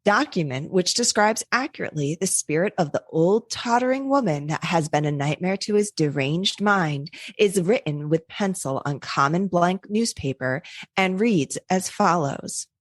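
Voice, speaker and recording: A woman's voice: on the low side, animated, moderate pace, no echo, clean studio sound. A woman hosting a casual podcast, reading an old newspaper ghost story aloud with chatty asides. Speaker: podcast host.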